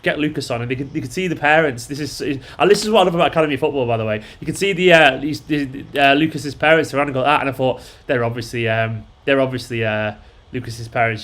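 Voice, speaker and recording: A man's voice: mid-range voice, a bit bright. A man, chatting casually and rambling as the host of a live watchalong and answering viewers' messages. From Manchester, England. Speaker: fan channel host.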